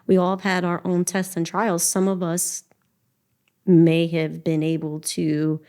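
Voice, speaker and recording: Middle-aged woman, podcast guest, earnest testimony, faith-filled, slightly low voice. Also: level tone, unhurried, a little mellow, smooth. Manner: earnest and emotional, faith-filled, quoting her own prayers. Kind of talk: personal testimony in a podcast interview.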